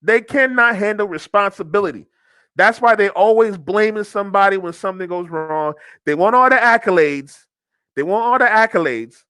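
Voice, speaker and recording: Blunt high-voiced male commentator. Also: lively intonation, moderate pace, sharp tone, smooth. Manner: blunt, mocking, laughs often. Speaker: podcast host. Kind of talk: reaction commentary.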